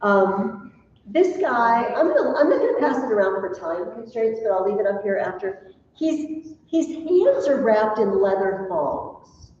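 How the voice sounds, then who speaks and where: A woman teacher giving a classroom lecture, telling stories with lively animation and laughing at her own tales. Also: medium pitch, unhurried, lo-fi sound. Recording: echoey classroom from a distant mic.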